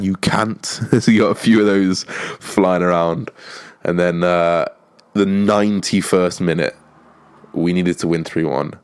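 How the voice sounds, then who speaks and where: A young man hosting a podcast, telling a story in a casual, animated way and swearing often. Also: deep voice. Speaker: podcast host.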